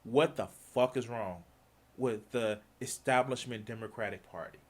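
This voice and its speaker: A man's voice: mid-range voice, moderate pace. A man streaming, delivering a heated, profane political rant, repeating himself and swearing often.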